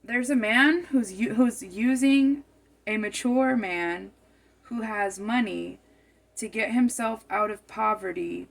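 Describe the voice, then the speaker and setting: A woman reads tarot cards aloud in a loose, musing monologue. Her voice carries a gravelly fry, and she circles back to repeat and rephrase her words as she works through the spread. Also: on the high side, takes it slowly. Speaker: tarot card reader.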